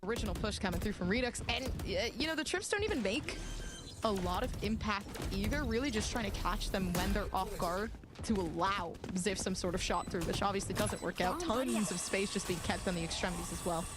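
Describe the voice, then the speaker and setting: A woman casting an esports match, giving quick, enthusiastic play-by-play with fillers. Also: medium pitch, expressive, over music. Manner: rapid, enthusiastic, many fillers. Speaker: esports caster. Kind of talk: fast play-by-play commentary.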